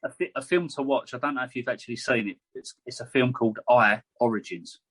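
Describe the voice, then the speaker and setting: A man's voice: medium pitch, fast, fairly bright tone, breathy edge. A man co-hosting a podcast in casual chat, easygoing and agreeable. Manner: easygoing, agreeable, backs others up. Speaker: podcast co-host.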